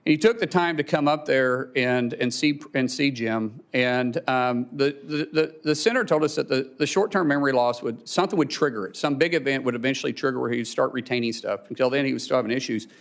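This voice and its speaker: A man testifying at a hearing, telling a personal story in a halting way, repeating words and choking up. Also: medium pitch. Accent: Oklahoma. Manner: halting, repeats words, chokes up when emotional. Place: hearing room.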